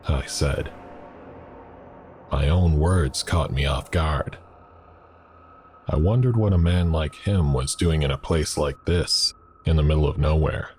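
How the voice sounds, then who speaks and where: A man narrating a horror story in a measured, deliberate scripted reading. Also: very deep voice, darkish tone, slight background noise.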